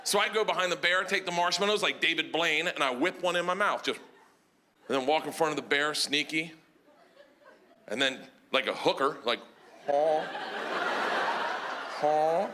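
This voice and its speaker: A man doing stand-up on stage, telling a story animatedly and acting out voices with shouts. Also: fairly high pitch, moderate pace, slight background noise. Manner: animated, acts out voices and yells. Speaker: stand-up comedian. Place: comedy festival stage with live audience.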